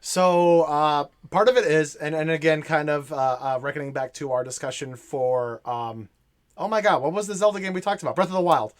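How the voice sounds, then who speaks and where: A man's voice: on the high side, a little fast. A man co-hosting a casual podcast, joking and swearing with incredulous reactions. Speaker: podcast co-host.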